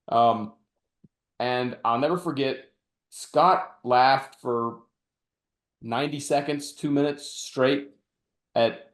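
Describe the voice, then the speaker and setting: A man hosts a laid-back podcast chat and tells his army stories with gusto, slipping into the voices of the people he quotes. His voice sits at an ordinary pitch, and the room gives it a noticeable echo. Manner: animated anecdote telling with acted-out quotes. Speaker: podcast host and retired army officer. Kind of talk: casual storytelling conversation. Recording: roomy echo.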